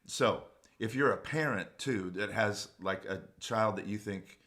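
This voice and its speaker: A man's voice: fairly low pitch, unhurried, a bit bright. A man, a vocal coach and producer, speaking earnestly about his faith as a guest on a casual livestream chat.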